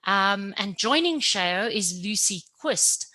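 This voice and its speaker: A woman's voice: mid-range voice, lively intonation, slow, bright, forceful tone. A woman moderating a webinar panel, speaking earnestly with frequent ums and uhs as she introduces guests. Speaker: panel moderator and course facilitator.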